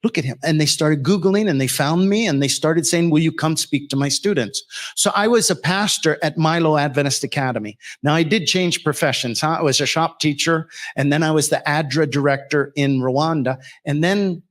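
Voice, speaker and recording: A middle-aged American man speaks to a live audience as a pastor sharing his own story. His voice sits a little higher than most men's, and his earnest storytelling climbs into sermon-like emphasis. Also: moderate pace. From United States. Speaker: pastor and speaker on the Rwandan genocide. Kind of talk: personal testimony talk to an audience.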